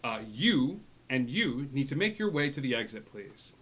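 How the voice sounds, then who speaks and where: A man narrating a tabletop game as game master, at a middling pitch. He talks in a halting way and restarts often. A faint hum sits behind him. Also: sing-song, a bit bright.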